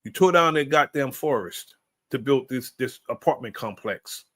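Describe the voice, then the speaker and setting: A man comments in a casual, ranting way. He is blunt and curses freely. His voice sits at a middle pitch. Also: expressive, moderate pace, fairly bright tone.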